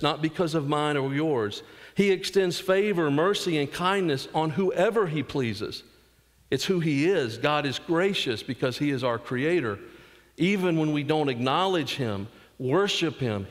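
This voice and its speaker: A man with a Southern US accent preaching a sermon as pastor, earnest, acting out quotes and dropping asides to the congregation. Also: on the high side. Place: church sanctuary. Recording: long church reverb.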